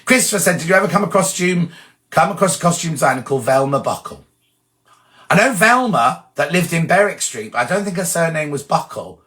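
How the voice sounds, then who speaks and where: A man's voice: fairly high pitch, expressive, brisk, fairly bright tone. A man hosting a casual live chat, reading viewers' comments aloud and wandering off into gossipy stories. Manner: chatty, gossipy, reads comments aloud and rambles into anecdotes. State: sneezing from hay fever.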